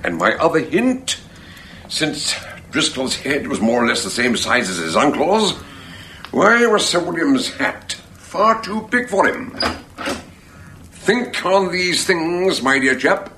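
An actor playing an eccentric, genial doctor-detective in a radio drama, theatrical and musing. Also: male voice, a little high, big pitch swings, slow pace, sharp tone, slight background noise, full character voice. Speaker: amateur detective.

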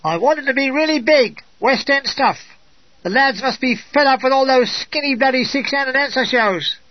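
A man's voice: very high voice, moderate pace, no room sound, voice pushed up. A man voicing a brash young male army entertainer, bragging eagerly about putting on a big show, in a dull, dry, lo-fi recording. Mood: enthusiastic.

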